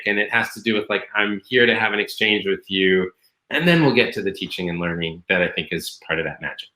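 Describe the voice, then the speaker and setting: A man's voice: low voice, brisk, bright, forceful tone, reverberant, poor audio. A man speaking on a panel about his tutoring program, hesitant, with many fillers and restarts. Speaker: education program leader. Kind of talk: panel discussion.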